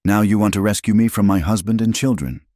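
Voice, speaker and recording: A man's voice: lowish voice, fast talker, a little mellow, no echo, studio quality, pitched above the performer's own voice, lightly acted. A man voicing a proud, determined frontier woman who speaks firmly and defiantly in a storybook tale. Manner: firm, defiant.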